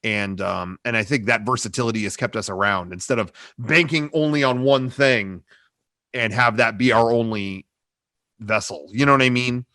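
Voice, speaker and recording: This middle-aged comedy creator gives meandering, hedging answers in a video-call interview, packed with "you know" fillers. His mid-range voice has a sharp tone. A corded desk microphone gives studio-quality sound with no room noise.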